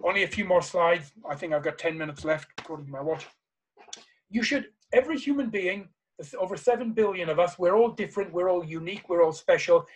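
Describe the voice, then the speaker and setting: Husky high-voiced man giving a motivational seminar. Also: expressive, brisk, rough recording. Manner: emphatic, repeats phrases with passion. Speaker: seminar speaker. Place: live talk before an audience.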